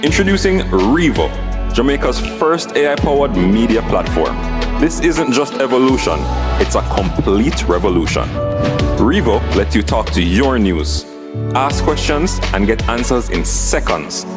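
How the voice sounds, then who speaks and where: Lively male promo narrator over music. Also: medium pitch, a little slow. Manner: punchy, upbeat sell. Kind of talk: scripted ad narration.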